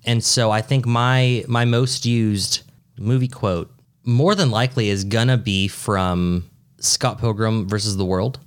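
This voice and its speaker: A man co-hosting a podcast in casual chat, with a dry, joking and drawn-out delivery. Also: lowish voice. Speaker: podcast co-host.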